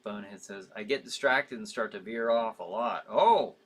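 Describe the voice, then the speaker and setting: A man's voice: on the low side, normal speed, bright, forceful tone. A man hosting a live show in casual chat, reading out viewer comments with sympathy, rambling with frequent fillers and easy laughs.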